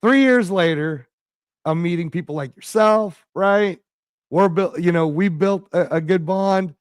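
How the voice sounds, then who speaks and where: Hoarse, rambling man chatting. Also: sits high, a little slow, no room sound, studio quality. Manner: rambling, laughing, excited. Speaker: guest. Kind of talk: casual livestream chat.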